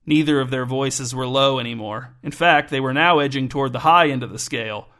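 A man narrating a novel in an even, measured storytelling manner. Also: medium pitch. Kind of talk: audiobook narration.

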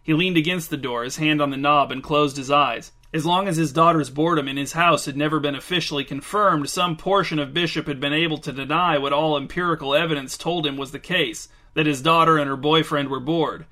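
Male storyteller, dry measured reading, bright slightly high voice. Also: steady tone. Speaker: narrator. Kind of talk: scripted story narration.

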